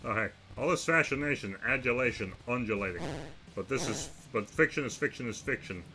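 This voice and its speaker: A man's voice: medium pitch, animated, a little fast, over music. A young man streaming a game, reacting with wry asides as he plays. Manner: wry, talks to himself while reacting to the game. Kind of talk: let's-play commentary.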